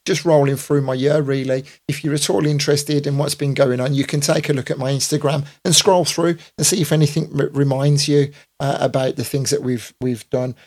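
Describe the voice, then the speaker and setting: A man's voice: a little high, fairly even intonation, fairly quick, hardly any pauses, darkish tone. Middle-aged man, DJ on a live stream, rambling, chatty, lots of ums. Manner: rambling, chatty, with many fillers and restarts. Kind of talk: casual year-in-review live stream. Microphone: computer or phone mic on a live stream.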